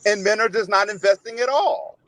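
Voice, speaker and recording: Male panel guest, assertive, high voice, argues back. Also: brisk, fairly bright tone, no room sound, low-quality recording. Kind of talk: casual panel discussion.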